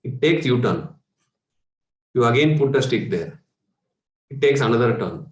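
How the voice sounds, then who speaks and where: A man's voice: mid-range voice, lively intonation, unhurried. A man with an Indian English accent, giving a spiritual workshop talk as a meditation coach, speaking conversationally with rhetorical questions and chuckles. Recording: echoey room.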